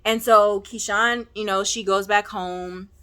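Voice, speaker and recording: A woman casually recapping and reviewing a TV episode, chatty and full of fillers like "you know", with animated outbursts. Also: mid-range voice, measured pace, clean tone. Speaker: TV recap vlogger.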